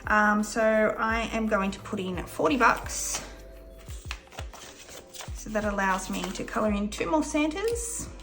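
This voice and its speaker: A woman's voice: medium pitch, expressive, slow, pauses often, music in the background. A young Australian woman with an Australian accent, chatting upbeat in a casual vlog while counting cash aloud. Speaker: budgeting vlogger.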